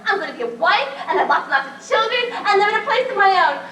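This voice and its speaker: A woman's voice: very high voice, expressive, quick pace, bright, forceful tone, exaggerated voice. Woman playing a giggly, childlike nervous aunt. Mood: giddy nervous. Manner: tearful, giggly, eager. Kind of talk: amateur stage play. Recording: echoey stage taped from far off, noisy.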